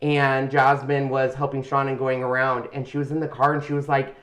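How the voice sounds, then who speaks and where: A man's voice: mid-range voice, monotone, brisk, fairly bright tone. Heartfelt middle-aged man telling his story. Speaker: channel host. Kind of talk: casual chat.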